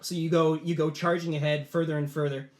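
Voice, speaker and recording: A man's voice: fairly high pitch, little pitch movement, brisk. A man narrating a tabletop game as game master, in casual storytelling with lots of "like" fillers. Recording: roomy echo.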